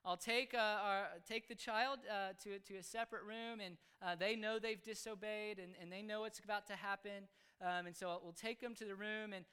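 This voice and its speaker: A man explaining how he raises his children, speaking earnestly in halting phrases. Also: sits high, pushed and bright, smooth. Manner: earnest, halting, with frequent restarts. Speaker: father explaining his parenting. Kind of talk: casual spoken explanation.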